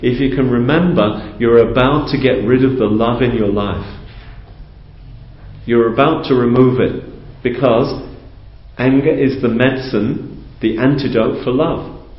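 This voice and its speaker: Calm man teaching in a roomy hall. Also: medium pitch, unhurried. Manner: calm, conversational, explanatory, with rhetorical questions. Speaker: spiritual teacher. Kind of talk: teaching talk to a group. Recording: roomy, dull lo-fi recording.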